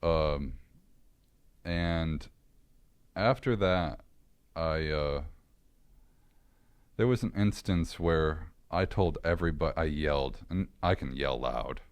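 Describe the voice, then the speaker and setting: A man with an extremely deep voice tells his story to a podcast host, candid and earnest, often restarting his sentences. The sound is dry and close, with no room around it. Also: takes it slowly, long pauses, clear, resonant tone, no echo. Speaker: podcast guest. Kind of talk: personal story in casual interview.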